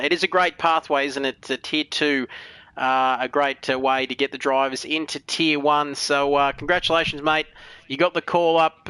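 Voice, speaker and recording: High, bright-voiced Australian commentator man. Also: clean tone, low-quality recording. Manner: jokey, matey banter. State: voice worn out. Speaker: lead commentator. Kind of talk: sim racing commentary.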